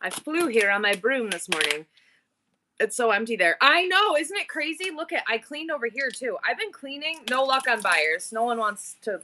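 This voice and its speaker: A middle-aged woman hosting an online auction live stream, chatting casually and bubbly with viewers, tossing in quick asides to the chat. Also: on the high side, animated, bright, forceful tone, a little hiss or hum.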